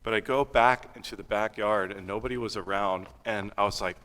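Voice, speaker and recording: Young man, sermon, relaxed conversational delivery, lowish bright voice, long church reverb. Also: a little fast, hardly any pauses. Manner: casual and conversational, with fillers and laughs. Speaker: preacher. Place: church hall. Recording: hall reverb.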